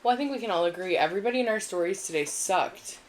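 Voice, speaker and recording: A woman co-hosting a podcast, chatting casually and agreeing quickly. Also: medium pitch, animated, a little hiss or hum. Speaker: podcast co-host. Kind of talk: casual chat.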